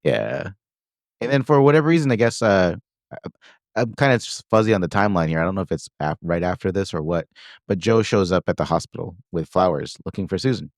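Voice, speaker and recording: Deep-voiced man rambling through a film recap. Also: expressive, fairly quick, dry recording, clean studio sound. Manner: rambling, loose retelling with quoted lines and frequent fillers. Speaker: podcast co-host recapping a film. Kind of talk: casual chat.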